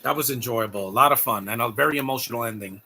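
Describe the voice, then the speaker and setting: A man's voice: medium pitch, fast talker, very noisy. A man giving rambling, heartfelt live commentary on a movie, repeating words as he talks. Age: adult.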